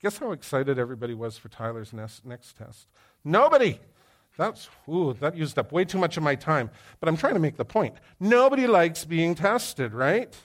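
A man preaching to a congregation in an animated, storytelling way. His pitch sits in an ordinary middle range, but he pushes it up and down for effect and keeps throwing questions out to the room. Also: fairly quick, hardly any pauses. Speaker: pastor. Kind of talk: sermon. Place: church hall with live audience.

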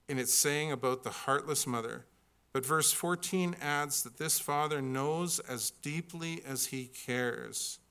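A man's voice: mid-range voice, bright, forceful tone, smooth. A middle-aged man preaching a sermon, earnest and building to emphatic peaks when he reads scripture. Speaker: pastor.

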